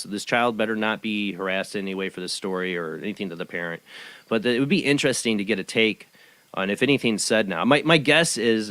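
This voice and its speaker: A man's voice: fairly low pitch, a bit bright, no room sound. A man hosting a live webcast talk show, chatting in a rambling way and reading a news article aloud. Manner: chatty and rambling, with many fillers and restarts. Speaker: host.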